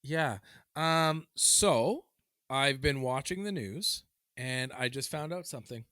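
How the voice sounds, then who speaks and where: A man's voice: mid-range voice, takes it slowly, pushed and bright, no room sound, studio quality. A man from Canada co-hosting a podcast, chatting casually with sardonic, swear-heavy rants. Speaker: podcast co-host. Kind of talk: casual chat.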